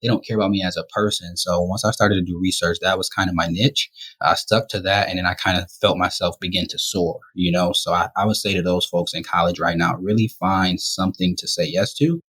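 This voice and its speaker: A young man from Rochester, New York, guesting on a podcast and telling candid stories in a relaxed, conversational way. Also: low voice, brisk, slightly rough. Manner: relaxed, conversational, often says "you know". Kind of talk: candid storytelling.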